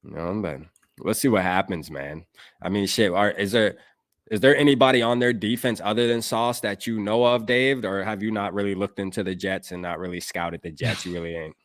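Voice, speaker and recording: Low-voiced laid-back man hosting livestream. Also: a little fast, dry recording, studio quality. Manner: laid-back slangy, shouting out chat. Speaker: podcast host. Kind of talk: casual sports livestream chat.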